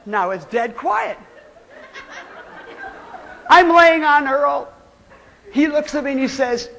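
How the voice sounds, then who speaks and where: A woman on a stage telling a playful, animated story as a motivational speaker. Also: slow pace, creaky, pauses often. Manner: animated, playful, big swoops of pitch. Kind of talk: storytelling keynote speech. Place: stage in a spotlight.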